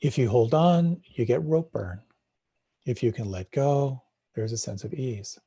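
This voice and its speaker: Middle-aged guy giving a meditation talk, warm mellow voice with some gravel, dry sound, keeps asking questions. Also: mid-range voice, unhurried, dry recording. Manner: reflective, asks questions aloud, repeats words when restarting. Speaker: meditation teacher. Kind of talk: live dharma talk.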